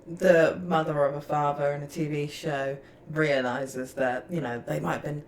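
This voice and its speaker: Woman in her thirties, lowish voice, chatty storyteller, faint background noise. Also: moderate pace. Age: 30s. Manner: chatty, animated storytelling with laughter. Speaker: podcast co-host. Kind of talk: casual chat.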